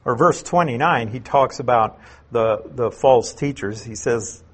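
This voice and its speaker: A man teaching through a Bible passage verse by verse as an elder, unhurried, explaining words and repeating key phrases for emphasis. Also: mid-range voice.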